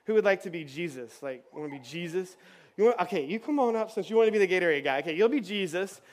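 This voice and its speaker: This children's pastor has a high, expressive voice and talks quickly while leading a lively kids' session on a church stage. Kids and adults are present, and he keeps it playful, chatty and filled with fillers.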